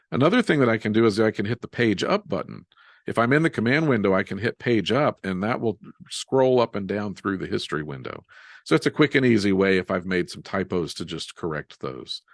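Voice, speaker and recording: A man teaching a live software webinar, explaining each step as he types and joking about his own typos. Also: lowish voice, no room sound, clean studio sound. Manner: relaxed, self-deprecating, walks through steps while typing. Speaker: software instructor.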